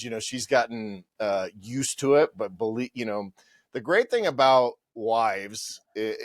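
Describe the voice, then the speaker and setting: A man's voice: lowish voice, no room sound, studio quality. A man hosting a podcast who talks reflectively and restarts his sentences. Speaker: podcast host. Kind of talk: casual chat.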